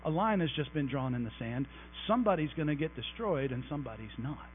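A man preaching a conversational, animated sermon in a church sanctuary, joking with the congregation as he goes. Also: a little high, fast talker, soft background music. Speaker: pastor. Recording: tinny phone-like recording with mains hum.

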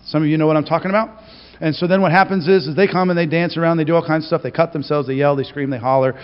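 Man, pastor delivering an animated sermon; a touch high-pitched, muffled recording. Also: rapid-fire, clear, resonant tone. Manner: animated storytelling, acts out quotes. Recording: reverberant, dull lo-fi hall recording.

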